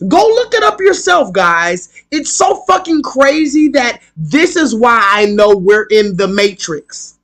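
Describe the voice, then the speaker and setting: A man with a strikingly high-pitched voice holds forth on a live stream. He rants with heat and plenty of swearing, hammering his points again and again. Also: very animated, takes it slowly, hardly any pauses, fairly bright tone. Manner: heated, profane, emphatic, repeats himself. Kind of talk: ranting live stream monologue.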